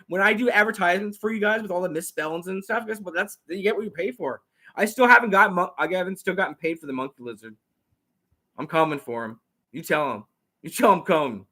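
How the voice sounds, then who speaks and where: Brief: talkative male host, rambling and quick, bright tense tone, slightly high. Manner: rambling, repeats words, talks fast. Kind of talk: casual chat.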